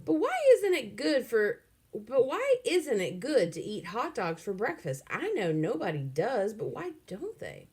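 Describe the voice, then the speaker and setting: A woman reading aloud and voicing a feisty boy, loud and indignant. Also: on the high side, huge pitch swings, unhurried, breathy edge, pitched above the performer's own voice, full character voice. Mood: pleading. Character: feisty boy in a worm-eating bet.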